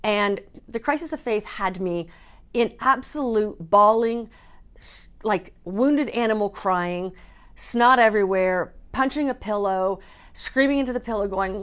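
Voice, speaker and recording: A woman from Canada speaks to camera in a personal vlog. She talks candidly and with feeling, swearing casually now and then. Her voice sits at an ordinary middle pitch. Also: a little slow, a bit bright, clear, resonant tone. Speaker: speaker and coach.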